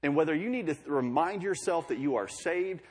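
A man's voice: a little high, lively intonation, a little fast, a little mellow, slightly rough. A young man preaching a sermon in a conversational way, with joking asides between scripture readings.

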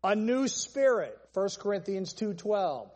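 A man's voice: high voice, very animated, unhurried, a little mellow, big-room sound. A man preaching a sermon, stressing points through long repeated lists. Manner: emphatic, repetitive list-style preaching.

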